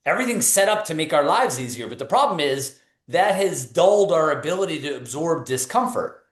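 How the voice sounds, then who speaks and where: Male performance coach, 30s, New England accent, energetic storyteller, raised pitch, roomy echo. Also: fairly quick. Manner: energetic storytelling, casual fillers. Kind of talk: motivational webinar talk.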